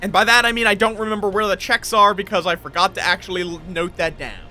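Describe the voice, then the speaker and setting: A man's voice: high voice, steady tone, fast, sharp tone, faint music behind. A man live-streaming a game, chatting playfully with his viewers as he plays. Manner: rambling, playful, greets chat.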